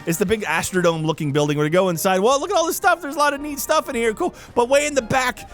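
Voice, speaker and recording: Fast, high-voiced excited man. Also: faint music behind. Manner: excited play-by-play retelling. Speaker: podcast host. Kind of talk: casual chat.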